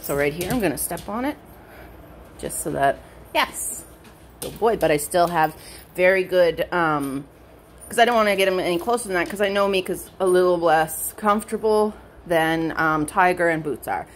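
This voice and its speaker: A woman dog trainer explaining a training session in casual narration at home, switching between high bright praise for her dog and low quiet explanation. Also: moderate pace, a little hiss or hum. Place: indoors at home with pets.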